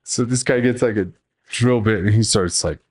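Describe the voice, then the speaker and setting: A man hosting a podcast, telling a long story in a casual, animated and profane way. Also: lowish voice, moderate pace. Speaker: podcast host.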